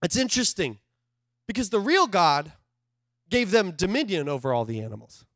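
A male pastor preaching a sermon in an animated, conversational way, swinging from loud outbursts to hushed asides. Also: high-pitched, normal speed, no room sound, studio quality.

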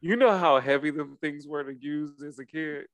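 A man co-hosting a casual podcast chat with a stuffy nose, talking in a profane, joking way with sudden high-pitched outbursts. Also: normal speed, dry recording. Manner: animated, profane, jokey, bursts into high-pitched exclamations. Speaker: podcast co-host. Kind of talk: casual chat recapping a TV series.

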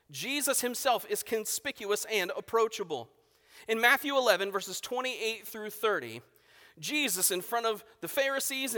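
A man in his thirties preaching a sermon as pastor, emphatic, with sharp swings from loud to hushed. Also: sits high. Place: church sanctuary. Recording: long reverb of a church hall.

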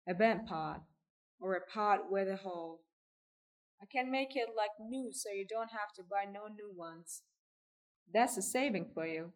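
A woman's voice: mid-range voice, a little slow, recorded from a distance, natural voice. A woman reading aloud, voicing a persistent traveling tinker man with a folksy, coaxing way of talking.

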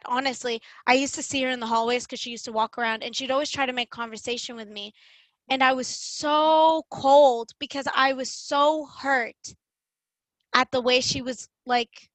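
Brief: young woman, high bright voice, chatty casual storyteller, close dry sound. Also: fast, few pauses, dry recording, rough recording. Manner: animated, chatty, lots of "like" fillers.

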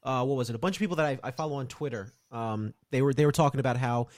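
A man hosting a casual podcast, his voice hoarse and cracking from a cold, easygoing in manner. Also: mid-range voice, rapid-fire, dry recording, clean studio sound. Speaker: podcast host.

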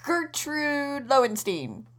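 An actress playing a scatterbrained schemer who rambles and hesitates, in a comedy audio drama. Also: female voice, high-pitched, big pitch swings, slow pace, a bit bright, heavily acted. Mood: rambling. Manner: rambling, hesitant, full of ums. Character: scatterbrained adult woman schemer.

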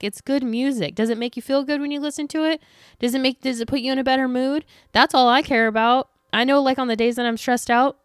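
A woman's voice: mid-range voice, dry recording, clean studio sound. A woman hosting her own podcast from her home office, telling stories in a casual, chatty way, acting out what people said and swearing now and then. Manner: chatty storytelling, acts out quotes, swears. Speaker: podcast host. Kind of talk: casual chat.

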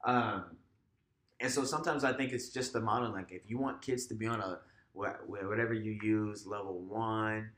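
A man's voice: on the low side, normal speed. Laid-back man, echoey room. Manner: relaxed, filler-heavy, acts out classroom voices. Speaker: teacher and podcast co-host. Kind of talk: casual conversational chat.

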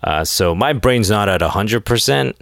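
A man's voice: lowish voice, expressive, normal speed, creaky, fairly bright tone, dry recording, clean studio sound. A man hosting a podcast alone, late at night, rambling sarcastically with lots of filler words. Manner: rambling and sarcastic, heavy use of "like". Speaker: podcast host. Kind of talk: casual solo rant.

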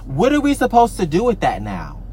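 A man's voice: high voice, huge pitch swings, a little fast, dark tone, a little hiss or hum. A man, an artist, ranting angrily to camera, swearing often, repeating himself, stammering and trailing off. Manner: heated, profane, repetitive rant with many restarts; trails off with "I don't know" and stammers. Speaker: artist and social media creator. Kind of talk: ranting vlog.

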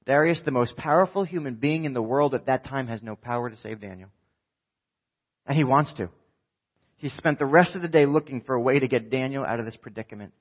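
A man preaching a sermon, retelling a story with lively, acted-out voices. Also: mid-range voice, brisk, muffled recording. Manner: animated storytelling, acting out voices. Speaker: pastor.

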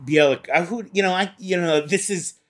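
A man's voice: high voice, brisk. A man co-hosting a casual sports podcast, rambling with many hesitations. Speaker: podcast co-host.

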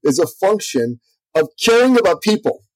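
A man guest on an interview, a business coach telling a story in an energetic, conversational way. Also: high voice, moderate pace, no room sound, poor audio. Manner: energetic, lively storyteller, acts out quotes.

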